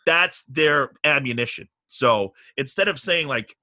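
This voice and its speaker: A middle-aged man casually telling a long story on a podcast, animated and profane, getting riled up as he goes. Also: medium pitch, unhurried, few pauses, no room sound.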